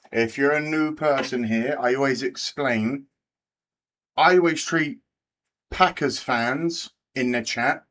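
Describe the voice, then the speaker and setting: A man's voice: medium pitch, a bit bright. Brief: English male stream host, crude chatty banter with viewers, mid-range voice. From England. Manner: swearing, bantering with chat. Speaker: livestream host. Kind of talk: live race watch-party chat.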